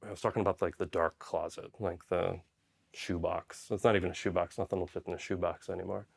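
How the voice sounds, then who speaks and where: A man's voice: deep voice, level tone, brisk, creaky, husky. A man from Poland, a Special Forces medic, telling stories casually in an interview, rambling with lots of "like" and "right?".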